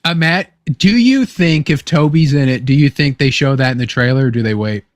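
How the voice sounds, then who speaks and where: A young man hosting a casual chat, excitable and swearing freely, acting out quotes as he talks. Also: medium pitch, fairly quick, no room sound, clean studio sound. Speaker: podcast host.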